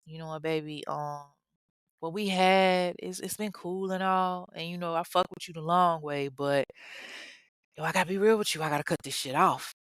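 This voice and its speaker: Woman doing a quiet sheepish guy, kinda stammery. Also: on the low side, steady tone, normal speed, smooth, no echo, studio quality, close to an everyday voice. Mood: gentle. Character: young adult man, pleading boyfriend, soft and sheepish.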